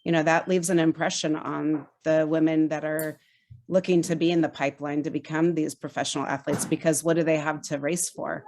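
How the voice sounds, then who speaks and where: A woman being interviewed on a podcast as a film's executive director, speaking earnestly and enthusiastically with halting restarts. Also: low-pitched, little pitch movement, darkish tone.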